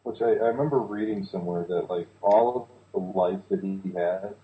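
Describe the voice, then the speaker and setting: A man chatting casually about a movie, sharing bits of trivia in a relaxed way. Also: on the low side, brisk. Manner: relaxed, shares trivia, filler-heavy. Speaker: co-host. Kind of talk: casual movie watch-along commentary. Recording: tinny phone-like line with echo.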